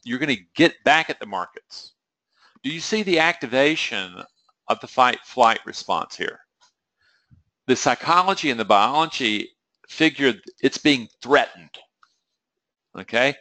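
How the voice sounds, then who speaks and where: A man's voice: medium pitch, lively intonation, measured pace, pauses often, bright, forceful tone, no echo. A man giving a webinar lecture on trading psychology, conversational and questioning the audience, now and then acting out a trader's inner voice.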